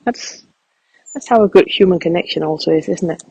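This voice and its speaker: A man speaking softly and reflectively as he guides a walking meditation outdoors in a field. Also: high voice, brisk, gravelly, slightly rough, dry recording, lo-fi sound. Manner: calm, reflective, soft-spoken.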